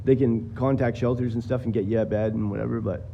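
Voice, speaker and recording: A man rambles through a story, swearing often and acting out other people's lines. His voice sits at a middle pitch. A faint hiss of noise runs under his phone-streamed audio. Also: fairly even intonation, quick pace, vocal fry, dull audio. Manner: rambling, profane, acts out quoted voices. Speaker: livestreamer telling a personal story. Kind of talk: casual storytelling to viewers.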